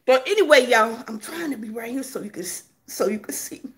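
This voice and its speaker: Give me a laughing, sassy woman giving casual gossip commentary in a lively high voice. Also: a little fast, a little hiss or hum. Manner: sassy and laughing, calls viewers honey and baby. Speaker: vlogger.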